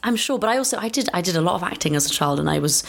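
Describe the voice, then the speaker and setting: A woman's voice: lowish voice, lively intonation, rapid-fire, creaky. An English woman with a Received Pronunciation accent, talking through her ideas in a casual interview, chatty and thoughtful, often restarting her sentences. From England. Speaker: voice actor guest.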